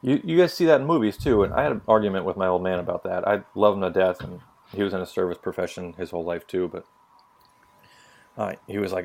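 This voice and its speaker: A man's voice: deep voice, quick pace, gravelly, a little mellow. A young man telling stories on a casual opinion podcast, blunt and profane. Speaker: podcast co-host.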